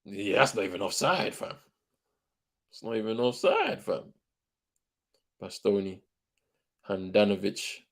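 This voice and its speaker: A young man hosting a live football watchalong, excitable and slangy, swinging from shouted outbursts to low mutters and repeating himself. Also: unhurried, pauses often. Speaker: watchalong host.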